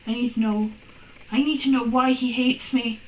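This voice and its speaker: A woman's voice: fairly high pitch, steady tone, normal speed, lo-fi sound, a little hiss or hum, lightly acted. A woman voicing an upset young man in a put-on accent while reading a story aloud. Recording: roomy room, distant from mic.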